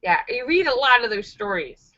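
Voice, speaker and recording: A woman's voice: on the high side, animated, normal speed, pushed and bright, muffled recording. A woman hosting a casual live stream, chatting with viewers in a sassy, joking, self-mocking way.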